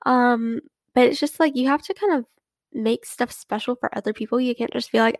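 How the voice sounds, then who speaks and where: A woman's voice: fairly high pitch, steady tone, moderate pace, no room sound. A young woman hosting a casual solo podcast, chatty and rambling, full of fillers and restarts. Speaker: podcast host.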